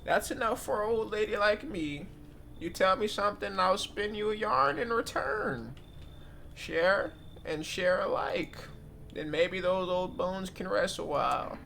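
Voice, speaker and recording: A man puts on a little old grandmother, quavering way up high and stretching her words. She is folksy and a bit cryptic, the talkative stranger at the door of a horror game. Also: lively intonation, creaky, pushed and bright, slight background noise, full character voice. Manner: high quavering granny voice, slow drawn-out words.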